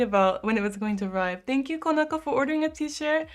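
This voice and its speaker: A young woman from the United States talks fast in a high voice with lively intonation. Streaming from home, she casually answers viewer comments, saying "like" a lot and cooing softly to her cat between remarks.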